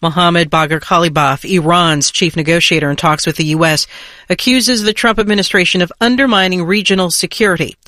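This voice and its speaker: A woman newscaster reading a national news bulletin in a crisp, measured way. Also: lowish voice, sharp tone, no echo, clean studio sound.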